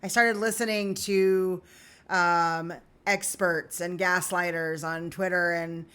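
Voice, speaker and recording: A woman's voice: fairly low pitch, steady tone, slow, a bit bright, smooth. A woman vlogging candidly to her viewers in an earnest, confessional way on an emotional day. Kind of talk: candid personal vlog.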